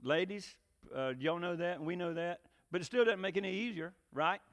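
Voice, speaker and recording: A man's voice: high-pitched, brisk, a bit bright. A man preaching a joking, folksy sermon, often rising into emphatic bursts. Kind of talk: sermon with jokes. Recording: long reverb of a hall.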